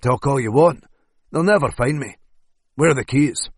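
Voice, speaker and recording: A man's voice: mid-range voice, normal speed, husky, dry recording. A man voicing a wary retired male hitman with a clipped, sardonic way of talking. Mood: menacing. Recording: dry close studio sound.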